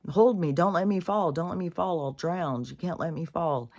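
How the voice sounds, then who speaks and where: A woman's voice: low voice, fairly even intonation, normal speed, voice pushed up. A woman voicing a desperate man who dangles on a rope from a cliff and keeps pleading with whoever holds it. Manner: pleading, repeating himself.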